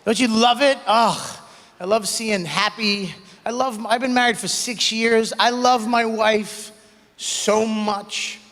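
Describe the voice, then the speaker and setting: A young man performing a stand-up set on stage, animated, shouting punchlines and acting out voices. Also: high-pitched, slow pace. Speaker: stand-up comedian. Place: comedy club stage before a live audience. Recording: live stage audio with long hall reverb.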